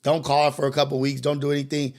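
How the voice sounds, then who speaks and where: Animated man preaching casual commentary. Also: a little high, fast. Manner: animated, preachy and confessional, with slang and cursing. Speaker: morning show host.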